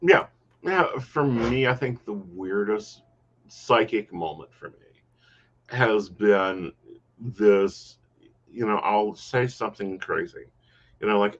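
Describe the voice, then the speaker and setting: Male podcast host, lower pitch, animated storyteller, lo-fi sound. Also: takes it slowly. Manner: animated storyteller, quotes himself. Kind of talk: casual chat.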